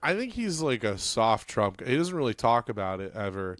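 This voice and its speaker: A man's voice: medium pitch, big pitch swings, a little fast, fairly bright tone, dry recording. A man co-hosting a comedy podcast, rambling about films with easy laughter in casual banter. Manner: laughs easily, rambling and opinionated about movies. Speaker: podcast co-host.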